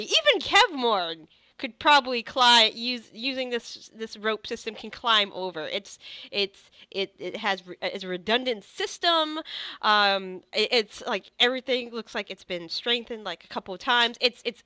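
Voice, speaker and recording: A woman running a tabletop game as game master, narrating casually and excitedly, often laughing. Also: mid-range voice, smooth, dry recording.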